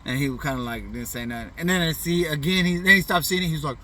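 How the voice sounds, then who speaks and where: A man's voice: a little high, fast talker, sharp tone, recorded from a distance, a little hiss or hum. A middle-aged man casually telling a funny childhood story in loose, profane slang, often tossing in "you know what I'm saying.". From US Pacific Northwest. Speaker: vlogger.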